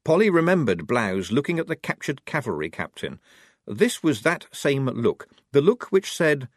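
Anlatım yapan canlı sesli adam. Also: male voice, medium pitch, a little slow, no room sound, clean studio sound. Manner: expressive, varied delivery. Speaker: audiobook narrator. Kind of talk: scripted narration.

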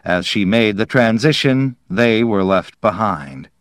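A male audiobook narrator with a lowish voice and a measured, deliberate delivery. He reads very slowly, recorded close in a dry booth with no room sound. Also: animated, no room sound.

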